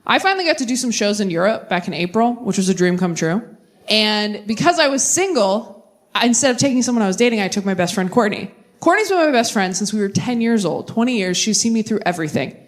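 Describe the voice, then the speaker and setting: A woman's voice: medium pitch, big pitch swings, quick pace. Punchy sardonic woman comedian. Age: 30s. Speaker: stand-up comedian. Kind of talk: stand-up comedy set.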